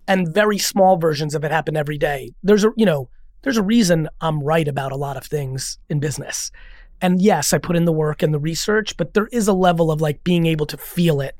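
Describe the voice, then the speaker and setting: A man as a podcast guest, telling a personal story in a casual, rambling, animated way with free swearing. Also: fairly high pitch, no room sound, clean studio sound.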